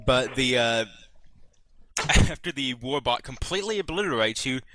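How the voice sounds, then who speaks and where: A man's voice: medium pitch, lively intonation, normal speed, sharp tone, no room sound. A man narrating as game master of a tabletop game, hesitant and full of fillers, often chuckling.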